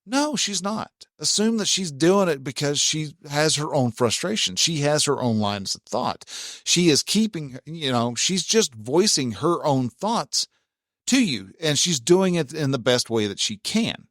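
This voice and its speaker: A man gives casual relationship advice in a folksy, rambling way. His voice sits a little high for a man. The sound is dry and close, with no room echo. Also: sing-song, unhurried, a bit bright. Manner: conversational, many restarts, acts out quoted spouse lines.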